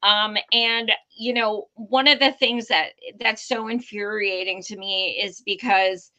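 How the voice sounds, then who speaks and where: A woman's voice: mid-range voice, fairly even intonation, unhurried, sharp tone. A woman hosting a casual talk show, speaking emphatically and indignantly. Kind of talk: casual conversation.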